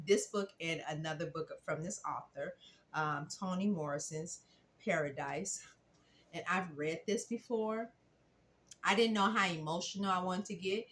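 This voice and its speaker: A woman with a notably low voice chats casually about the books she plans to read. She talks loosely, often trailing off into fillers and starting sentences over. A faint hiss of noise sits under the recording. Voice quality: chatty, with frequent fillers and restarts. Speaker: book reviewer. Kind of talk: casual book-list vlog.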